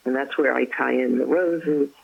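Woman author guest, very gravelly voice, husky, effusive storytelling, lo-fi phone-line sound. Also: very deep voice, steady tone, normal speed. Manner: warm, effusive storytelling about her faith. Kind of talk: casual interview chat.

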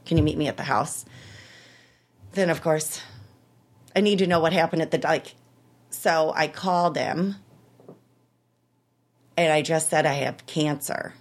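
Woman in her 30s telling her story in an interview, lowish voice, candid, emotional, laughs here and there. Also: unhurried, long pauses. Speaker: interview guest.

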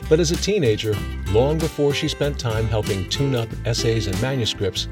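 A man hosting a storytelling show, introducing readers in smooth scripted narration. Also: mid-range voice, normal speed. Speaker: host. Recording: distant voice over loud guitar music.

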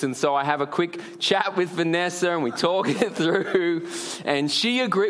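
Man, 40s, from Australia, pastor; high voice, storytelling sermon full of "uh"s. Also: a bit bright. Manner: storytelling, frequent "uh" fillers, asks the audience.

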